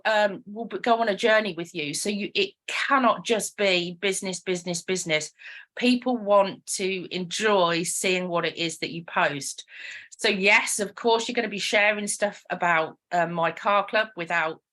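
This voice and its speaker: A woman's voice: medium pitch, a bit bright. A young British woman giving a chatty, upbeat online talk on social media.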